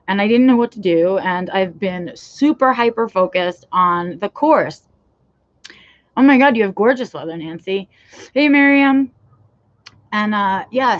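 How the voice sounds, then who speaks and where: A woman's voice: medium pitch, dull audio. Chatty woman live-streaming from her backyard. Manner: chatty, rambling, many fillers. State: cold, shivering. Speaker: vlog host. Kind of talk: casual live-stream chat. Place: outdoors in a backyard.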